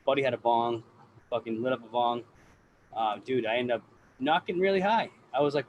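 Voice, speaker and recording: East coast dude swearing his way through a story, middle pitch, faint hiss behind. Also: lively intonation, a little fast, darkish tone, poor audio. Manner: swears often, tells stories animatedly. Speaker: guest grower. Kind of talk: casual podcast chat.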